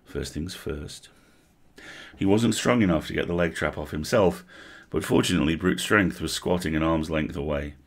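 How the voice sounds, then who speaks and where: Male storyteller, deep voice with gravel, reads aloud in an expressive, vivid way. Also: normal speed. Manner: vivid, animated narration. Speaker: storyteller on a livestream. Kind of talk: expressive book reading.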